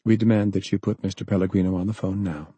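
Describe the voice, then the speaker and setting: A man's voice: low-pitched, little pitch movement, fast, slightly rough, dry recording, highs cut off. A man reading aloud, voicing a cold, commanding woman official who speaks sharply and imperiously. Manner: sharp, imperious, rising to a shriek.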